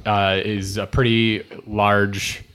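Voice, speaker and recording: Casual low-voiced man running a tabletop game. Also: little pitch movement, fairly bright tone, clear, resonant tone. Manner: casual, halting, many fillers. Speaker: game master.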